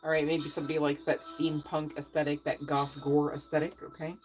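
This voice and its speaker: A woman with a low voice reads tarot cards in a relaxed, chatty way. She drops playful asides and keeps checking in with "okay?" as she goes. Faint music plays softly behind her. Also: a little fast, rough recording. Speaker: tarot reader. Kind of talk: casual tarot reading.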